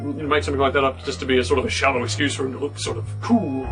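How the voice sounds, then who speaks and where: A man's voice: medium pitch, level tone, racing, over music. A man co-hosting a review show in casual, comedic chat, irreverent, crude and sarcastic. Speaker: co-host, film reviewer.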